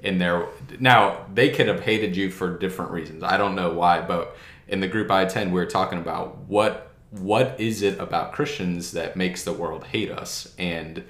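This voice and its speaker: A man hosts a relaxed conversation about faith and calmly draws out the lesson behind each story. His voice is very deep. The recording carries a roomy echo. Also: moderate pace. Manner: calm, affirming, draws out lessons. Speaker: host. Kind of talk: casual chat.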